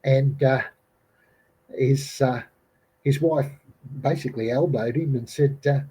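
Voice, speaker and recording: A middle-aged Australian man tells his story in a loose, rambling way, stopping and restarting often. His voice is husky and mellow, with a dark tone. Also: medium pitch, slow, long pauses, low-quality recording. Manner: rambling, many fillers and restarts, quotes people in raised voices. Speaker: podcast guest recounting an encounter. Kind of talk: casual storytelling.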